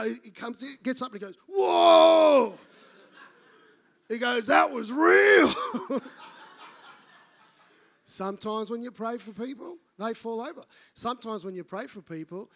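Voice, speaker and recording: A pastor delivers a sermon built around stories, animatedly acting out the voices of the people in them. His voice is high and a little fast, with hardly any pauses.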